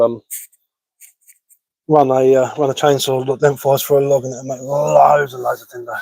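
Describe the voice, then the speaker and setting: A man's voice: mid-range voice, fairly even intonation, fairly quick, vocal fry, darkish tone. A man chatting casually on a live stream from his living room, telling dad jokes and chuckling at them.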